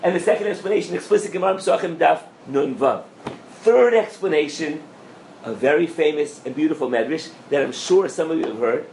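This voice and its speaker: A man, a rabbi, giving a lively Torah class to a live audience, often asking if they follow him and mixing in Hebrew and Yiddish terms. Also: fairly high pitch, brisk, vocal fry, roomy sound, a little hiss or hum. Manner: animated, asks the audience questions, mixes in Hebrew and Yiddish terms. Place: lecture room with an audience.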